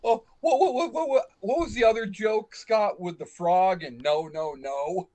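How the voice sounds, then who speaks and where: A man's voice: sits high, moderate pace, warm tone. A man co-hosting a casual podcast, rambling and repeating himself as he tries to recall a joke. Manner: rambling, repeats words, laughs a lot. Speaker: podcast co-host. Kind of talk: casual chat.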